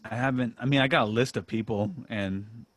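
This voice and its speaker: A man hosting a casual podcast chat, relaxed and self-deprecating, laughing often and restarting his sentences. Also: medium pitch, fairly quick, dry recording. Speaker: podcast host.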